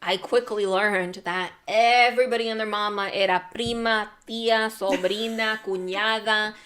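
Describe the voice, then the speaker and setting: A woman's voice: mid-range voice, steady tone, moderate pace, fairly bright tone. Chatty woman slipping into Spanish. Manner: rambling, mixes Spanish phrases into English; laughs often. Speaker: podcast host. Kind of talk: casual chat.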